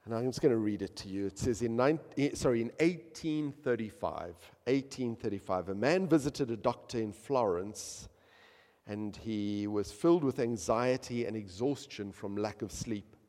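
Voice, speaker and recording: A man preaching a sermon, swinging from hushed, quiet lines to loud, emphatic peaks. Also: mid-range voice, normal speed. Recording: long hall reverb.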